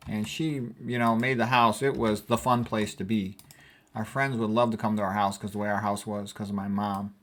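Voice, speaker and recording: A man in his sixties from the United States, a physician talking casually and rambling as he goes through old family photos. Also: medium pitch. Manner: rambling, conversational, warm reminiscing. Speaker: physician vlogger.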